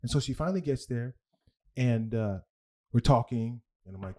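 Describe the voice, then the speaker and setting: A man's voice: mid-range voice, normal speed, a little mellow. A young adult man, a comedian, telling a long personal story casually and candidly, often adding "right?" and "like". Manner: candid, rambling, leans on "right?" and "like". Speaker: guest comedian.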